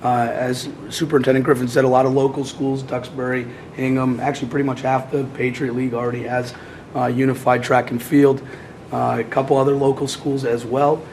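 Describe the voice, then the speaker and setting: A hoarse man with a cold presenting as athletic director at a public meeting, halting with many fillers. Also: mid-range voice, level tone, darkish tone, slight background noise, poor audio.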